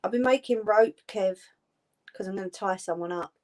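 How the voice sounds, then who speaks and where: A woman's voice: medium pitch, moderate pace, a little mellow. A woman hosting a craft live stream, chatting casually and answering her viewers' comments.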